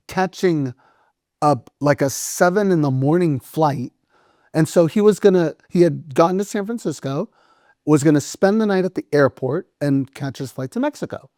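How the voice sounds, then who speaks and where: A middle-aged man with a fairly high voice spins lively anecdotes in a casual sit-down interview. He jumps into the voices of the people he quotes and drops the odd swear word. The recording is close and dry, with little room sound. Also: normal speed, dry recording. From United States. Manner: animated storyteller acting out quoted dialogue, swears casually. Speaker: restaurant owner and guest.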